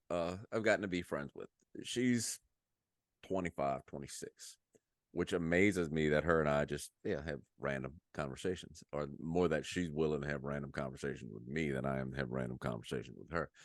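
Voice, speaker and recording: A middle-aged man with a very deep voice co-hosts a casual podcast. He tells his stories in a laid-back, halting way. The sound is dry and close to the mic. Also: lively intonation, no echo. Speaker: podcast co-host. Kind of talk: casual chat.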